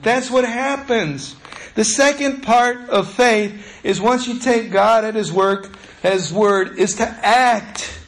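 A man's voice: sits high, slow pace. A male pastor preaching a sermon in a conversational, storytelling way.

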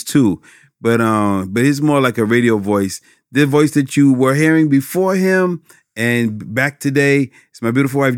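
A man's voice: mid-range voice, clean tone, no echo, studio quality. A man hosting a podcast, chatting casually and telling a story in a folksy way, with plenty of fillers. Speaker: podcast host.

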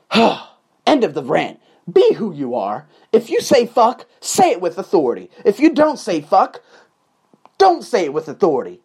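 A man hosting his own show and delivering an emphatic, profane motivational rant full of repetition. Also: high-pitched. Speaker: podcast host. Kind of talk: ranting motivational monologue.

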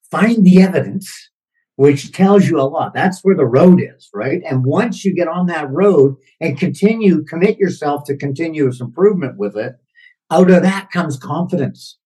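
Host: husky middle-aged man, enthusiastic, motivational, a touch high. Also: warm tone, rough recording. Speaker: podcast host. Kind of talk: casual podcast interview.

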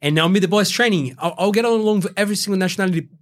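A man's voice: high voice, racing. Swearing Australian man telling his story. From Brazil, raised in Australia. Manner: rambling, heavy swearing and fillers, quotes himself. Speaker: guest. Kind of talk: casual interview storytelling.

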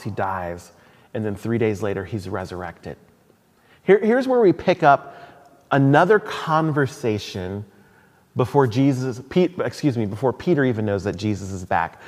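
A man preaching a sermon in a church hall, conversational, with asides and restarts. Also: medium pitch. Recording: long hall reverb.

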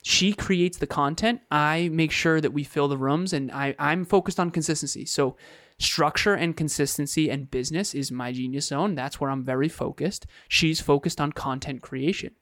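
A man's voice: a little high, moderate pace, a bit bright, no echo, studio quality. A man co-hosting a podcast, explaining his views in earnest, casual chat with short repeated phrases. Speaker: podcast co-host.

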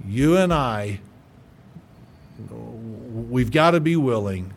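A pastor preaching a radio sermon, forceful and emphatic, stumbling over repeated words as he builds up. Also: on the high side, lively intonation, unhurried.

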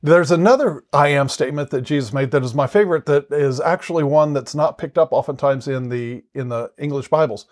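A man's voice: fairly high pitch, fairly quick, few pauses, darkish tone. A man gives a conversational Bible teaching in a slightly raised voice. He is earnest and explanatory, often circling back and repeating words as he works through a point.

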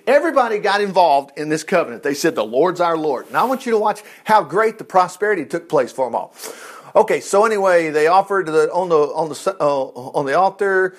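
Teaching from scripture in a sermon, this high-voiced male preacher speaks fairly quickly and keeps things lively and conversational. He rambles into chatty asides as he searches for verses before breaking into praise with shouts of "praise the Lord."

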